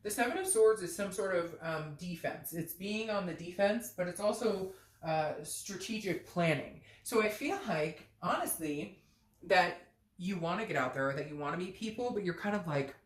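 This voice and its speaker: Low-voiced woman doing a chatty tarot read, blunt, swears a lot, kinda echoey room. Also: animated, moderate pace. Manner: chatty and blunt, swears freely, acts out little quoted voices. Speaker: tarot reader. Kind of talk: casual tarot reading to camera.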